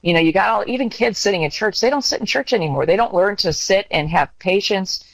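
An older woman guest giving earnest, heartfelt parenting advice in conversation. She tells animated stories and acts out the quotes. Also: mid-range voice, quick pace, no room sound, low-quality recording.

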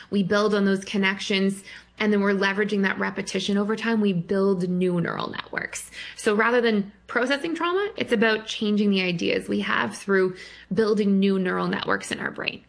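Gravelly-voiced woman therapist explaining. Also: medium pitch, fairly even intonation, moderate pace. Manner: explanatory, laughs easily. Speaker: guest therapist. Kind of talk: explaining on a radio call-in show.

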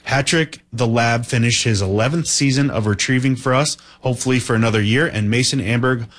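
A man co-hosting a radio show, reading listener messages in a plain steady way. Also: mid-range voice, a little fast. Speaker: radio co-host. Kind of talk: reading listener shout-outs.

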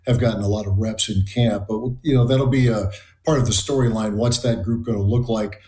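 A man's voice: lowish voice, steady tone, mellow. Man analyzing football in a roomy space. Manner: measured, analytical. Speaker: sports analyst. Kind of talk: sports talk show discussion.

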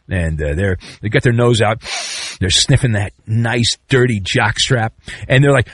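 A male podcast host giving a sarcastic, mocking comedic sports rant with sudden jumps in pitch. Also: big pitch swings, moderate pace, fairly bright tone, breathy edge, dry recording.

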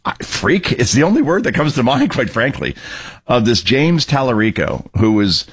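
A man's voice: mid-range voice, sing-song, moderate pace, slightly rough. A man hosting a political talk radio show, sarcastic and opinionated, cueing clips.

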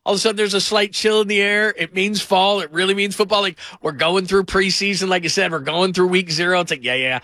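A man hosting a call-in sports radio show, talking in an animated, rambling way and mimicking people in put-on voices. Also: high voice, fast, few pauses, no echo.

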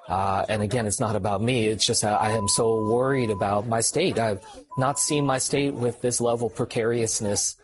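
A man being interviewed as an elected official, speaking haltingly and worriedly with many restarts. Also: lowish voice, steady tone, noisy background. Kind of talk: radio interview.

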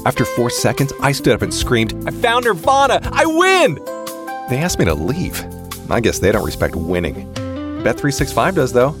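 A man telling a comedic first-person ad story in a smug, deadpan way. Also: mid-range voice, moderate pace. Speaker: comedic ad narrator. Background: guitar music.

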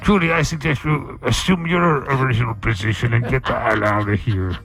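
A man hosting a radio comedy bit, gruff and mock-stern, talking with his hands cupped over the mic. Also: medium pitch, fairly quick, fairly bright tone, faint music behind. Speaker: radio show host.

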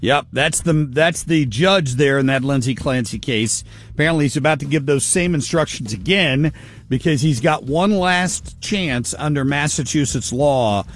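A man hosting a talk radio show, commenting on clips in a casual, halting way with many fillers. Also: medium pitch.

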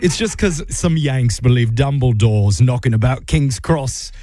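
A man voicing a cheeky, condescending airline customer care agent in a deliberately bad British accent. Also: medium pitch, mellow, dry recording, studio quality, close to an everyday voice. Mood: smug teasing. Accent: bad put-on British. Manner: teasing, smug, condescending.

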